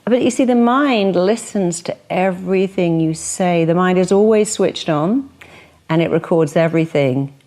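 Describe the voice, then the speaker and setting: A woman speaker and therapist giving motivational advice in an interview, lively and acting out quoted voices as she talks. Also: fairly low pitch, normal speed.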